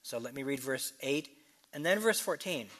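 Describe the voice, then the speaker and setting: A man delivering an expository sermon at a mid pitch. He moves between quick conversational asides and slow, deliberate readings of scripture, pressing on key words. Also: animated, fairly bright tone. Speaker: preacher.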